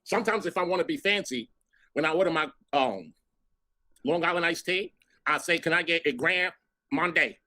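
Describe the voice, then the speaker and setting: A man's voice: on the high side, normal speed, sharp tone. A man streaming live, telling brash, profane stories and chasing donation goals. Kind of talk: casual stream chat.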